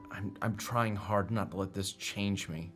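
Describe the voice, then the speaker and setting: Soft-spoken low-voiced man, music behind. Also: steady tone, slow. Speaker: player. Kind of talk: tabletop role-play, in-character talk.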